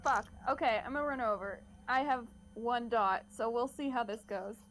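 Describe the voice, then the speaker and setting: A woman player in a tabletop game, reactive and quick to swear. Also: on the high side, a bit bright, slight background noise.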